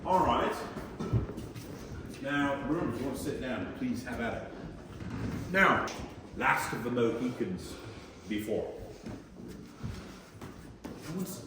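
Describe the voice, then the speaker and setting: Joking tour guide man, echoey and distant. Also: on the high side. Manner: lively, joking, asks the group questions. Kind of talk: guided tour talk to visitors. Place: historic fort, outdoors. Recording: echoey space, voice from a distance, faint noise.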